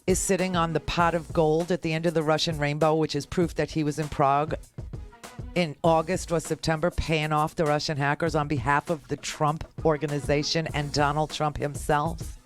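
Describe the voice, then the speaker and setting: A woman's voice: sits low, little pitch movement, moderate pace, soft background music. A woman talk radio host giving a sarcastic, ranting political monologue.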